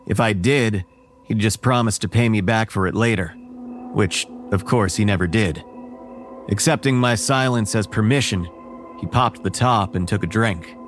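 A man narrating a first-person horror story in a measured, wary tone. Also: on the low side, soft background music.

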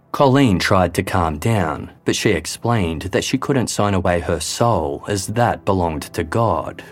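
A man reading a scripted true-crime narration in a measured, grave way. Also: deep voice. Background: faint background music.

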